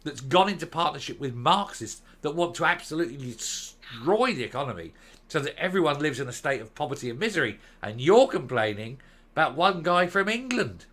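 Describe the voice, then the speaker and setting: A man's voice: a little high, sing-song, brisk, fairly bright tone. A man giving sarcastic, scornful political commentary to camera, reading out news quotes and mocking them. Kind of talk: opinionated video commentary.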